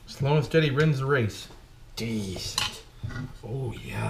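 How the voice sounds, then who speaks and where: A man from Canada takes it slowly in a mid-range voice, rebuilding an engine and offering casual, joking commentary. He chats to himself as he works and refers to his viewers as "boys," recorded in an echoey room with background noise.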